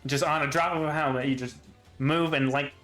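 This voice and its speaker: A man's voice: fairly high pitch, steady tone, brisk, fairly bright tone, faint music behind. A man narrating a tabletop game as game master, casual with many fillers and laughs.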